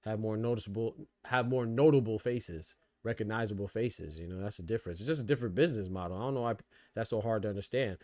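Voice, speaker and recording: A man's voice: lowish voice, fast, darkish tone, dry recording. Slangy male boxing podcast host. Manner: loose slangy talk, laughs hard at jokes. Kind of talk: casual live commentary.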